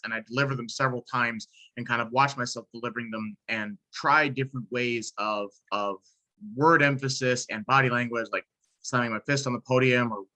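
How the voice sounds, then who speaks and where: Halting man with a bright voice. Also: medium pitch, low-quality recording. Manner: hesitant, many restarts and fillers. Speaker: student. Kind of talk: class discussion.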